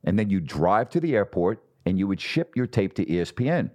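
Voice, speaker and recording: A man's voice: low voice, a little fast. A middle-aged man, a sports broadcaster, telling stories from his career in a podcast interview, acting out the people he quotes. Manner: animated storyteller, acts out quotes.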